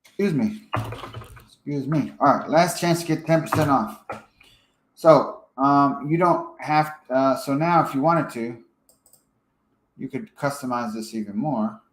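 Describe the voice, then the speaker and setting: A man giving a casual screen-share software tutorial, thinking aloud as he edits and checking in with "okay?". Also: medium pitch, measured pace, long pauses, reverberant, slight background noise, poor audio. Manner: casual, thinks aloud while editing, frequent fillers and "okay?" check-ins. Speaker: software trainer.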